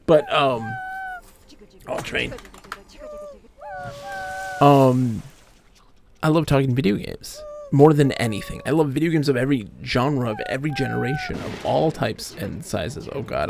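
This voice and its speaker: A man streaming a game, rambling and poking fun at himself in lively, up-and-down speech. His voice has a gravelly edge, with a faint hiss behind it. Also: medium pitch, unhurried, long pauses. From Michigan, USA. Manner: rambling, animated, self-deprecating. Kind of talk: casual livestream chat while gaming.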